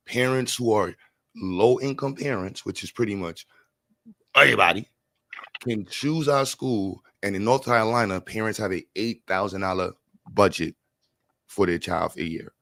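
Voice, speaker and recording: Energetic New livestream host. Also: male voice, on the low side, dry recording. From New York. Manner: energetic, repeats words, slangy, shouts out chat. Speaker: livestream host raising funds for a school. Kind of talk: casual livestream chat.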